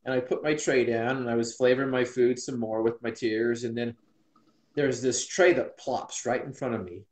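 A man in his forties from Utah tells a personal story as an interview guest, earnest and reflective, with many restarts. His mid-range voice holds a steady tone at a moderate pace. The recording has a roomy echo.

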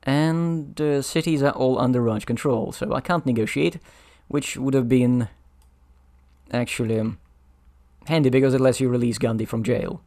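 A man's voice: mid-range voice, steady tone, moderate pace, dark tone. A man playing a strategy board game on his own, thinking aloud and muttering over the rules as he decides his moves. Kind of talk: solo board game playthrough commentary.

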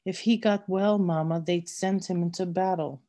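A woman reading a novel aloud at a slow, measured storytelling pace. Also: lowish voice, steady tone, dark tone. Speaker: reader.

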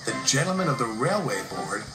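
A man narrates a children's storybook with an animated, expressive delivery. His pitch moves about a lot as he tells the story. The reading sounds roomy, with music playing underneath. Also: brisk. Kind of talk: storybook read-aloud. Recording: roomy room with background music.

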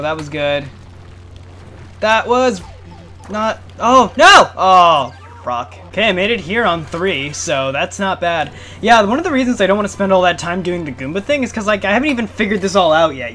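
A man with a bright, somewhat high voice gives let's play commentary into a desk mic. He keeps up a running stream of talk to himself and his viewers, breaking into panicky yelps and swearing, with faint game music underneath. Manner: excitable, panicky outbursts and cursing while playing. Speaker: gaming channel host.

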